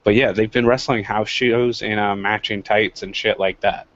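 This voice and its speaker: A man's voice: fairly low pitch, fairly even intonation, normal speed, a bit bright. A man co-hosting a casual wrestling podcast, arguing his point with some swearing. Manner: argumentative, swearing. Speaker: podcast co-host. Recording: dull lo-fi audio.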